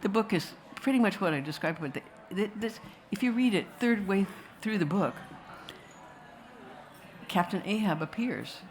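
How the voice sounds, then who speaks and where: A woman's voice: mid-range voice, lively intonation, normal speed, slight background noise. A woman telling a wry, digressive story to a festival audience and slipping into voices now and then. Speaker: filmmaker answering questions.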